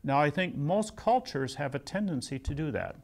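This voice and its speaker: Gravelly older man lecturing. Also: on the high side, animated, moderate pace. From United States. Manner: conversational, anecdotal, self-deprecating humor. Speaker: seminary lecturer. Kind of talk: classroom lecture with personal stories.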